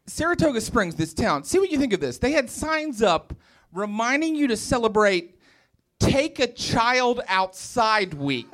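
A man's voice: extremely high pitch, big pitch swings, moderate pace, noisy background. A man from West Virginia doing a rambling, self-deprecating stand-up set in a comedy club, slipping into playful put-on voices.

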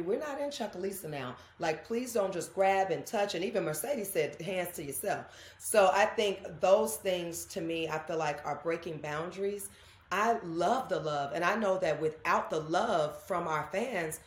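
A woman, a guest telling animated stories in an interview and acting out what people said. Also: lowish voice. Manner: animated storytelling, acts out quotes. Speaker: guest, actress. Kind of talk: candid interview conversation. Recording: roomy echo.

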